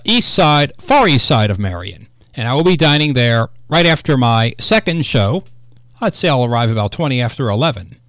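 A man's voice: a little high, a bit bright, no echo. A man hosting a local radio show, talking in a chatty, rambling way. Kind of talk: casual radio talk show monologue. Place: small radio studio. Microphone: studio microphone.

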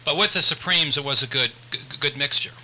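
A man's voice: a little high, a little fast, bright, forceful tone, slight background noise, rough recording. An older man hosting a radio talk show, chatting in a rambling way with many restarts. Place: radio studio.

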